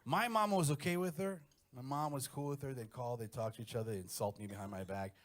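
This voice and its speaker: A middle-aged man doing a stand-up comedy set, telling crude stories in a brash, animated way. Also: mid-range voice, fast talker.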